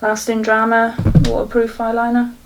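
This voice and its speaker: A woman's voice: on the high side, completely flat delivery, moderate pace, background noise. A young woman from South Wales, chatting and rambling her way through a makeup tutorial at home, swearing freely. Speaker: beauty vlogger. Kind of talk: casual makeup tutorial chat. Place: home, indoors.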